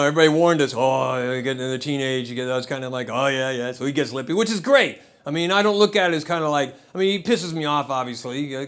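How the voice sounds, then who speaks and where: A man's voice: on the high side, fairly bright tone. A middle-aged man doing a stand-up set in a comedy club, wry, loose and self-deprecating. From United States. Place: comedy club with live audience. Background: audience laughter.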